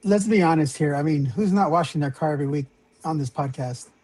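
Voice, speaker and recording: Husky guy making dry jokes, bit high voice. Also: brisk, a little mellow. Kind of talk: casual podcast chat.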